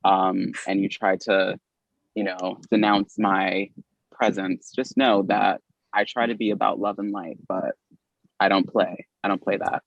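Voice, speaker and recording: A man from Philadelphia, a drag performer and podcast guest, telling a story in casual, swearing, animated talk, jumping high in pitch when he acts out quotes. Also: unhurried, vocal fry, dry recording, muffled recording.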